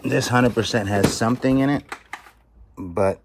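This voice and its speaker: A middle-aged man hosting a casual unboxing vlog, chatty and eager with viewers, sometimes dropping into an amazed hushed whisper. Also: medium pitch, a little slow, background noise. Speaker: storage auction reseller and channel host.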